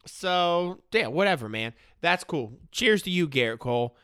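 A man hosts his podcast in loose, joking chat, filling every pause with "like". His voice sits a little high and swings widely in pitch. The recording is close and dry. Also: animated, fairly bright tone, clear, resonant tone, no room sound. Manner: rambling and joking, heavy use of "like". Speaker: podcast host. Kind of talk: casual chat.

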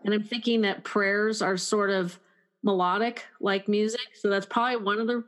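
A woman's voice: medium pitch, fairly even intonation, moderate pace, fairly bright tone. A woman hosting an interview, chatty and musing, with a self-deprecating humor. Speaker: interviewer, host. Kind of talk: interview conversation.

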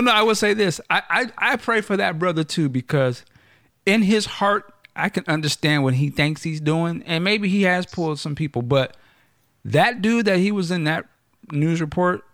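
A man's voice: on the high side, no echo, clean studio sound. A man hosting a podcast in casual chat, joking and restarting his sentences as he goes. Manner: animated, joking, halting restarts. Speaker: podcast host.

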